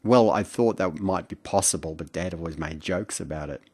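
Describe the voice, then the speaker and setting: An Australian man, middle-aged, reminiscing late at night at home in a rambling, hesitant way with many fillers and soft chuckles. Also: deep voice, normal speed, hardly any pauses, husky. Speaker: vlogger. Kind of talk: late-night reflective monologue.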